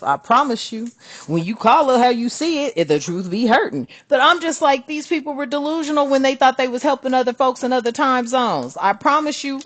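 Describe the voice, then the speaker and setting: Woman, spiritual vlogger, card reader, blunt, profane, fired-up rant, slightly high voice. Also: animated, fairly quick. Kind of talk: casual ranting vlog with card reading.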